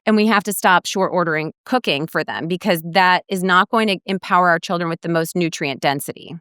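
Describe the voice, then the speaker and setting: Smooth-voiced woman dietitian guest. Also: on the low side, brisk, no room sound, clean studio sound. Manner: warm storytelling, animated quoting of others. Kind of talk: podcast interview.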